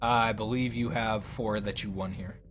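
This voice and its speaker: A man's voice: fairly low pitch, fairly even intonation, normal speed, a bit bright. Man running a tabletop game. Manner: casual, filler-heavy narration. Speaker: dungeon master.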